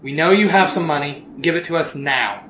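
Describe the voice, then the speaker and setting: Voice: mid-range voice, lively intonation, a little fast, slight background noise, close to an everyday voice. A storyteller voicing a brutal, threatening father in a tabletop game, recorded with a roomy echo. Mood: menacing. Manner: threatening, forceful. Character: menacing abusive father.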